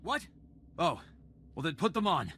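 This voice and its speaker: An actor playing a despairing, panicked starship first officer in a video game. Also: male voice, on the high side, very animated, a little slow, bright, forceful tone, slight background noise, full character voice. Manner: panicked and defeatist.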